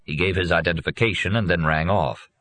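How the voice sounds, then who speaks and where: A man narrating an audiobook in a measured, even reading. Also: low voice.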